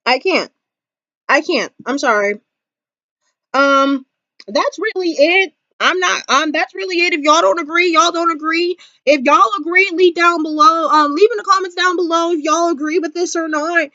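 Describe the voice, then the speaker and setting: A woman talking straight to camera in a casual commentary vlog, emphatic and animated, repeating her points. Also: extremely high pitch, normal speed, no room sound, lo-fi sound. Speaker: vlogger.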